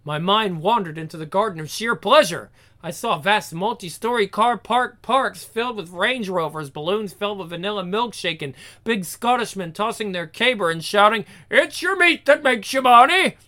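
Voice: mid-range voice, moderate pace, bright, forceful tone, natural voice. A reader voicing a rowdy, foul-mouthed young woman, brash and exclaiming. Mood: ecstatic.

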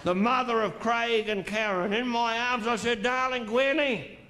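A middle-aged man telling a crude, drawn-out stand-up story on a theatre stage, with theatrical pauses. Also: very high voice, fairly even intonation, pushed and bright. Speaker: stand-up comedian. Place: theatre stage before a laughing audience.

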